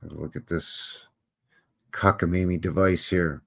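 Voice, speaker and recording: A man's voice: low-pitched, moderate pace, gravelly, slightly rough. A man hosting a live stream, talking casually over old photos with joking, rambling, wry asides. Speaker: livestream host.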